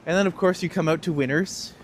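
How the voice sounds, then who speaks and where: A young man streams a walking tour on cold city streets outdoors, his voice fairly high and quick, with a little hiss or hum. As a casual, joking tour guide, he reads out viewers' chat questions and answers them.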